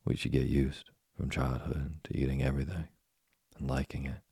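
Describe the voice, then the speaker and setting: A man voicing a patient, kind old woodcarver father in a storybook reading, gentle, calm and moralizing. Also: rumbling low, moderate pace, no room sound, clean studio sound, exaggerated voice. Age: older. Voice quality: gravelly, husky.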